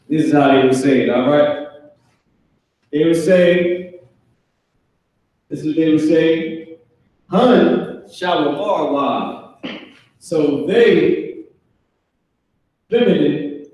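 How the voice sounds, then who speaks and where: Slow, casual man teaching from afar. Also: on the high side, darkish tone, far from the mic. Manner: casual, slangy, repeats words slowly for students. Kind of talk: live online language class. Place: classroom with a board. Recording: echoey room, off-mic.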